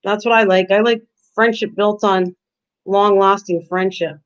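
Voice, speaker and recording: A woman's voice: medium pitch, fairly even intonation, unhurried. Chatty older woman on a lo-fi stream. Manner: chatty, talks to viewers by name, laughs often. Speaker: live-stream host. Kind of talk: casual live-stream chat. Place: home kitchen. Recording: lo-fi stream audio.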